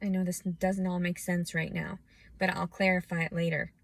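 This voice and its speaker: A woman's voice: lowish voice, flat delivery, normal speed, gravelly, rough recording. A woman in her thirties giving a scattered, emotional personal rant, often restarting and fighting back tears. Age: 30s. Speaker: vlogger. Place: outdoors.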